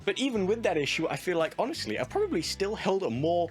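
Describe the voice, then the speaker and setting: Casting: British male commentator, higher voice that swings a lot, sarcastic, faint music underneath. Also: big pitch swings, fast. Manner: sarcastic, wanders off on tangents. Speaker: commentary host. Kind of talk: reaction commentary.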